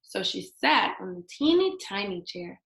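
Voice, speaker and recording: A woman reading a children's story aloud in an expressive, sing-song storytelling manner. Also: medium pitch, measured pace, vocal fry, roomy sound. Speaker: storybook reader.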